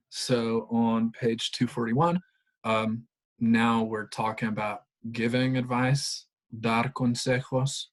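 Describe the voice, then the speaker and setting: Slow, flat-voiced male Spanish teacher. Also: mid-range voice. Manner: relaxed, explanatory, many fillers. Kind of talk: recorded grammar lesson.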